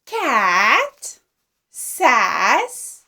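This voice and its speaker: Woman teacher for a baby class, high voice, very slow and gentle, exaggerated repeats. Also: huge pitch swings. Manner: gentle, exaggerated, repetitive sound modelling; sing-song praise and encouragement.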